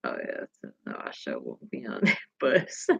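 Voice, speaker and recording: A woman with a very deep, husky, creaky voice, pushed and bright with huge pitch swings and a slightly slow pace, hosts a casual livestream. Salty and candid, she reads viewer comments, tells stories, and talks straight to her audience. The recording is dull and lo-fi.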